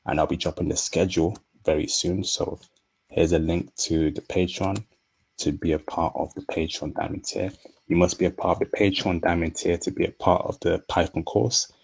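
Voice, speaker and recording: Slow-talking deep-voiced male stream host. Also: flat delivery, vocal fry, darkish tone, husky. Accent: non-native English. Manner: slow, deliberate speech. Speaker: livestream host. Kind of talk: casual livestream talk.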